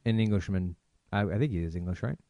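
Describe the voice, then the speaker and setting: A man's voice: deep voice, fast, vocal fry, dark tone, no room sound, muffled recording. Joking male podcast co-host, dry sound. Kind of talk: casual podcast chat.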